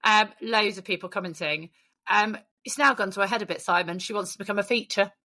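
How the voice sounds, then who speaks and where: A woman's voice: mid-range voice, bright, forceful tone. A woman co-hosting a podcast in cheeky, sweary casual chat. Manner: cheeky, sweary, quick to laugh. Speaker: podcast co-host.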